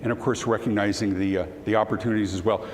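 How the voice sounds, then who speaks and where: A man giving a storytelling keynote talk to an audience, animated and at times choked with emotion as he acts out the dialogue. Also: fairly low pitch, fast talker. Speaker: keynote speaker. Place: conference hall. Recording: hall reverb, faint room noise.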